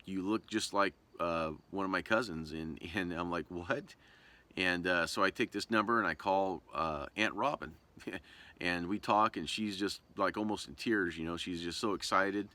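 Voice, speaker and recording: A man's voice: low-pitched, normal speed, sharp tone. A man from Southern Oregon telling a personal story to camera in a casual, rambling way, full of fillers and restarts. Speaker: vlogger.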